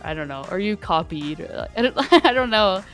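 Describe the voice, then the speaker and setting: A woman's voice: mid-range voice, lively intonation, brisk, a bit bright. Young woman rambling on a stream call, giggly, faint music under it. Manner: chatty, laughs often, many restarts. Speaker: guest streamer. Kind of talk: casual chat.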